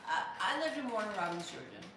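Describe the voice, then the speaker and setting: Woman host, casual stream chat, animated and laughing often; mid pitch, echoey room with noise. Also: quick pace, distant mic. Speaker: livestream host. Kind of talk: casual live-stream chat, reading viewer comments. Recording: echoey room, voice off-mic, noisy.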